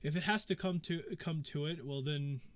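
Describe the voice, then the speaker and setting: A man voicing a courteous male arena companion who speaks formally and politely, with halting restarts. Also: on the high side, close to an everyday voice. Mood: earnest.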